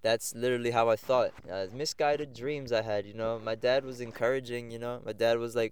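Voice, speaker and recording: A young American man hosts a podcast, casually telling reflective stories from his own life. His medium-pitched voice is smooth and steady, a bit fast with hardly any pauses, though his rambling talk is full of fillers and restarts.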